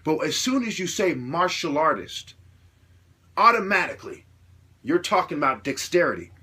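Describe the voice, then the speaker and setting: A man delivering an opinionated monologue, lecturing with repeated rhetorical questions and swearing, growing louder and higher as he gets worked up. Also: big pitch swings, normal speed, husky. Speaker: self-styled martial artist ranting to camera.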